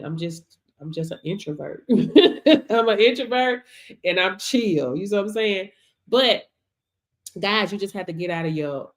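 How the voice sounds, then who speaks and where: Chatty motivational woman on a live stream. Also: mid-range voice. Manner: chatty, repetitive, laughs often, asks "you see what I'm saying?". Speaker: business coach on a live audio stream.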